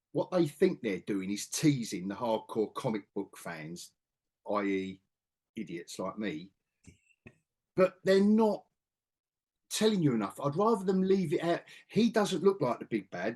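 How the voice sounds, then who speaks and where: A man hosting a casual podcast chat, animated and joking, swearing freely. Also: mid-range voice, husky. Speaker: podcast host.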